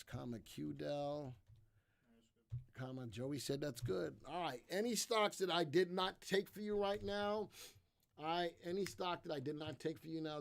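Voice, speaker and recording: A hoarse man hosting a live stock-market show, talking upbeat to viewers while he clicks through charts. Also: on the high side, no room sound. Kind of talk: live webinar commentary.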